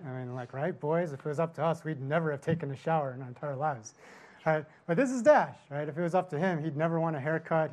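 Middle-aged male pastor, casual sermon storyteller, a bit high-pitched, keeps asking "right?". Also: darkish tone. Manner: storytelling with constant "right?" tag questions. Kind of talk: conversational sermon.

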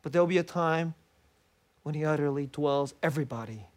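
A middle-aged man preaching a sermon as a pastor, animated and laughing often as he acts out what people say. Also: a little high, a little fast. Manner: animated, laughs often, quotes himself in little voices.

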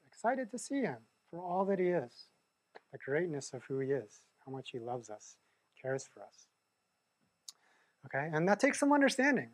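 A male pastor preaches conversationally, frequently checking in with listeners and repeatedly asking "right?" His voice is a little high, and the recording has no echo.

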